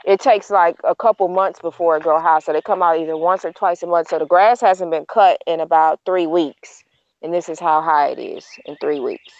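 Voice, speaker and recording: A woman's voice: on the low side, moderate pace, darkish tone, muffled recording. A woman in a casual group chat who rambles, corrects herself mid-sentence and sounds exasperated.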